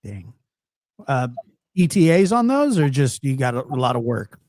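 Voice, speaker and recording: A man hosting a live call-in show, relaxed and brief as he keeps things moving. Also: medium pitch, normal speed, no echo, clean studio sound. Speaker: host. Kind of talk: casual call-in chat.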